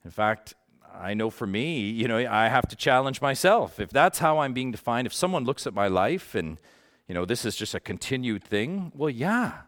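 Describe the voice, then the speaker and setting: A man's voice: medium pitch, expressive, moderate pace, fairly bright tone. A man teaching a Bible study group in a conversational way, earnest and passionate, often checking in with his listeners.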